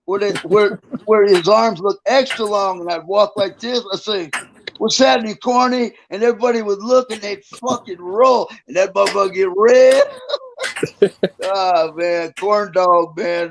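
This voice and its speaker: A man's voice: high-pitched, slight background noise, poor audio. An older man in a casual interview, telling rambling, profane stories about his past and chuckling between them. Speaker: interview guest, former prisoner.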